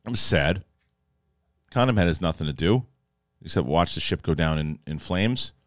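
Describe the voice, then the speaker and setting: A man with a low voice breaks down a TV episode in loose, casual talk. He is animated and jokey, slipping into quick impressions of the characters. The sound is close and dry. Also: no echo. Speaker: film and TV reviewer. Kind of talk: casual spoken episode review.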